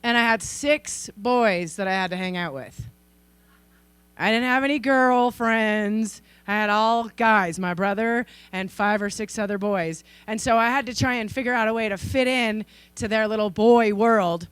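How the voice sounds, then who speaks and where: A woman in her forties from Idaho giving a conference keynote, telling stories in a lively way and acting out the people in them. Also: medium pitch, measured pace, smooth, no room sound. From Idaho, USA. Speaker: keynote speaker. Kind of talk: storytelling speech. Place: conference stage.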